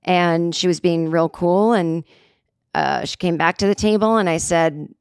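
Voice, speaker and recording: A woman's voice: fairly low pitch, measured pace, darkish tone, smooth, no room sound, clean studio sound. A woman comedian hosting a podcast, telling a story in a casual, digressive way, full of "like" and "you know", from a hotel room.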